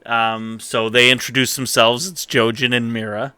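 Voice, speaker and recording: A man's voice: medium pitch, level tone, normal speed, bright, forceful tone, smooth, dry recording. A man co-hosting a podcast, casually recapping a TV episode in a rambling way with lots of fillers and quoted asides. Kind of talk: casual chat.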